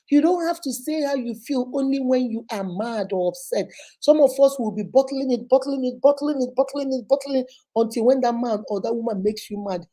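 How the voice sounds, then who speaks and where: High-voiced Nigerian woman with sarcastic advice. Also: warm tone. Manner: sarcastic, preachy, acts out quotes. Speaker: host giving marriage advice. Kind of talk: animated advice talk to camera.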